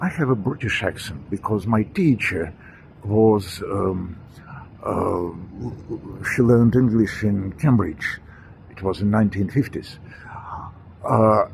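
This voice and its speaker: A man giving a walking monologue outdoors, halting with frequent fillers and self-corrections. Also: mid-range voice, vocal fry, a little mellow, a little hiss or hum. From Russia. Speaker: commentator. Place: outdoors on a city walk.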